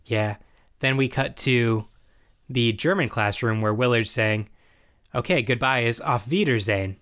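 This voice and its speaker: A man's voice: mid-range voice, unhurried. A man in casual chat, recapping a show's plot and acting out characters' lines as he goes. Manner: animated recapping, acts out quoted lines. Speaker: podcast co-host recapping a show.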